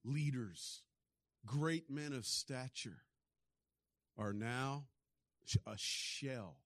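A man preaching a sermon, telling stories and acting out the people in them, often swinging from quiet to loud. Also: mid-range voice, very slow, no room sound, clean studio sound. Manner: storytelling, acts out voices with big swings in loudness.

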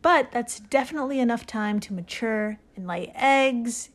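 A woman's voice: on the high side, moderate pace. A young adult woman co-hosting a podcast, chatty and jokey, leading the segment from her notes. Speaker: podcast co-host. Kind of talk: casual podcast chat.

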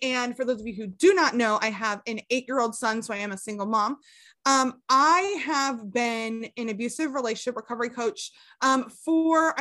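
A woman's voice: high voice, a bit bright. A young woman, a recovery coach, candidly telling her story as a podcast guest, with lots of fillers and casual swearing.

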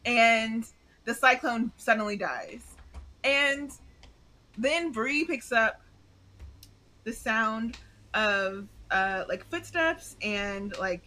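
A woman with a Southern US accent, co-hosting a casual book club podcast and recapping the plot with quick asides. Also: on the high side, expressive, bright, forceful tone. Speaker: podcast co-host.

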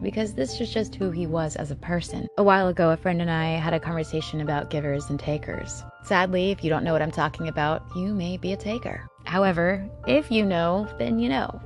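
A woman host narrating a true-crime story in a casual, chatty way, with sarcastic asides to the listener. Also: fairly low pitch. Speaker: podcast host.

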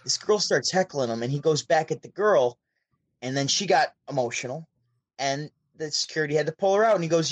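Over a call, a DJ and show host from Syracuse, New York, spins a long, casual story as a podcast guest. His slightly high, expressive voice moves a little fast without echo, and he voices the people he quotes.

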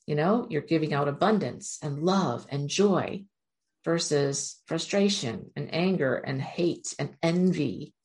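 Low-voiced woman giving motivational talk. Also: unhurried, a little mellow. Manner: earnest, encouraging, speaks directly to viewers. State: near tears at moments. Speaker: self-help speaker.

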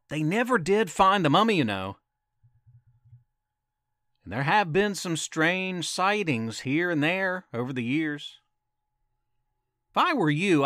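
A man's voice: fairly high pitch, a bit bright, no echo, studio quality. A man telling a campfire story as a podcast storyteller, dramatic and teasing, with asides to his listeners.

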